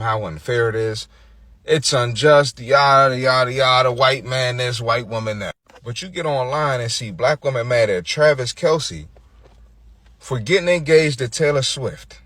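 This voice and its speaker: A man's voice: mid-range voice, normal speed, a bit bright, no room sound, clean studio sound. A man ranting bluntly on social media, mocking and swearing. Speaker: online commentator.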